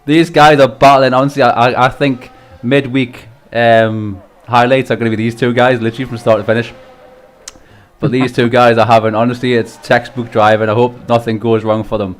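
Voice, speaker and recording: A man's voice: medium pitch, level tone, brisk. A man hosting a live stream and commentating a sim race, chatty, laughing often and swearing casually.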